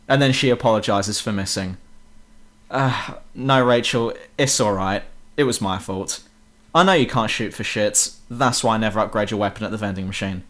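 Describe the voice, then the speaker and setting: A man's voice: medium pitch, a bit bright. A young British man giving a sarcastic, swear-laden game review voice-over on a home mic. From Britain. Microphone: home computer mic.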